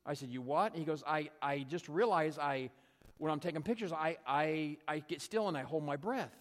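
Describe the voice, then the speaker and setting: A man's voice: fairly high pitch, normal speed, long reverb tail. A man preaching a sermon in a conversational, storytelling way, often checking in with "right?". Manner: conversational storytelling, frequent "right?" tag questions. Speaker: pastor.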